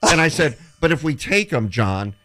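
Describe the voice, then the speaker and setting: A man's voice: on the high side, moderate pace. A man on a sports talk show, telling stories and acting out the voices of the people in them. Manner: animated storyteller who acts out quotes. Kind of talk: casual radio show chat.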